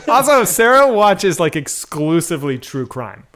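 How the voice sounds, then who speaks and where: A man co-hosting a podcast in casual, profane banter, animated and quick to laugh. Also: high voice. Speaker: podcast co-host. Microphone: streamed podcast mic.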